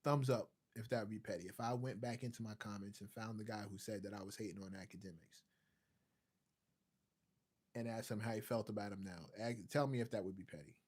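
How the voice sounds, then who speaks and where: A man's voice: fairly low pitch, fairly even intonation, brisk, darkish tone, slightly rough. A man hosting a casual livestream, joking and talking straight to his chat viewers. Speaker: livestream host.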